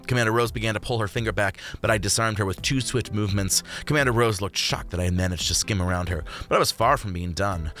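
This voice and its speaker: Low-voiced man narrating a story. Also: fairly bright tone. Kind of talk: first-person story narration. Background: faint music.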